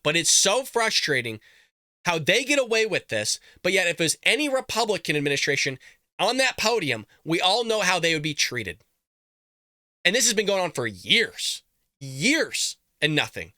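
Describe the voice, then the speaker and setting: Fired-up man ranting, bright and lively. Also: sits high, normal speed, no room sound, studio quality. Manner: riled up, emphatic, frequent swearing. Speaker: political commentary host. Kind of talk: heated political rant.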